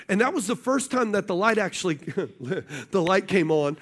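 A man with a high voice preaches to his congregation, mixing Bible verses with a story from his own working life. He keeps checking in with the room through quick questions and builds toward his points. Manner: storytelling preacher, animated, asks the audience questions. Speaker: pastor. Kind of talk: sermon.

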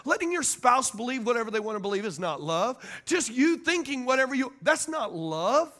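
A man's voice: very high voice, sing-song, a little fast, bright, forceful tone. A man, preaching a sermon as pastor and calling to the congregation for amens and agreement. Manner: call-and-response preaching, asks the crowd for amens.

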